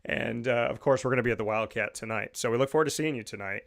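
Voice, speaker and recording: A man's voice: medium pitch, quick pace, creaky. A man hosting his own radio and podcast show in a studio, talking with upbeat enthusiasm and rattling off plugs and lists. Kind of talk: energetic show talk and sponsor plugs.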